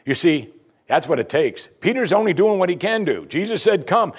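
A man's voice: fairly high pitch, big pitch swings, normal speed, husky. A man preaching a sermon, reading scripture aloud with dramatic emphasis. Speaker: pastor.

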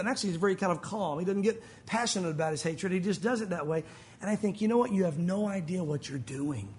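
A man's voice: high voice, fast talker, a little mellow. A man preaching a sermon as pastor, speaking with passion and talking to his listeners as "guys.".

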